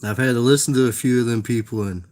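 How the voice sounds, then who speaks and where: A man's voice: mid-range voice, fast talker, a little mellow. A young man with a Tennessee Southern accent, chatting casually and profanely with his livestream viewers while he works. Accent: Southern American, Tennessee. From Southern United States. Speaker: streamer making dice.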